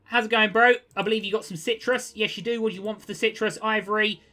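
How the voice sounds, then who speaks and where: A young man giving casual gameplay commentary, chatty and quick to get exasperated, with jokey asides. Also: sits high, steady tone, pushed and bright. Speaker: gaming video creator.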